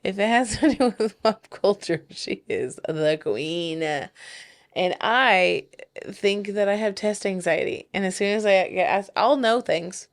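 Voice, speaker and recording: A woman co-hosting a casual podcast chat, playful and quick to giggle as she tells stories. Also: medium pitch, lively intonation. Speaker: podcast co-host.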